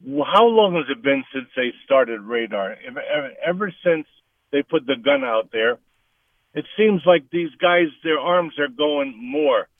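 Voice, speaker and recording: A man's voice: on the high side, expressive, a little slow, dry recording. A man in his seventies or older calling in to a sports radio show, rambling and repeating words. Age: 70s or older. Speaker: caller. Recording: dry, tinny phone line.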